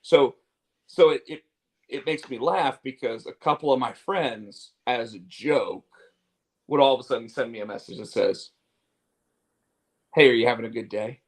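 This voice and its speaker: In poor audio, a man with a mid-range, darkish voice talks at a moderate pace. He's a podcast co-host making casual chat, rambling candidly with swearing, restarts, fillers, and repeated words.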